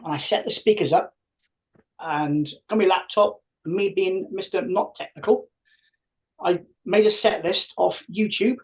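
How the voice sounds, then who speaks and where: A man's voice: sits high, a little slow, recorded from a distance. A man in his fifties, a podcast guest who tells stories animatedly and acts out what people said. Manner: animated, acts out quoted dialogue. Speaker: podcast guest, tribute band singer. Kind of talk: casual storytelling. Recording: muffled lo-fi audio.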